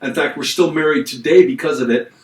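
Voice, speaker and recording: A man's voice: a little high, brisk, roomy sound, distant mic, rough recording. A middle-aged man co-hosting a podcast, telling a long personal story in casual chat and acting out the voices in it. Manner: animated storyteller acting out quotes. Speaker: podcast co-host.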